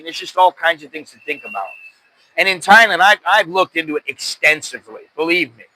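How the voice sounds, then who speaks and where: A man's voice: fairly high pitch, bright, forceful tone, low-quality recording. A middle-aged American man hosting a podcast, telling stories in a loose, rambling, self-deprecating way. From United States. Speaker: podcast host. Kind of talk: casual chat.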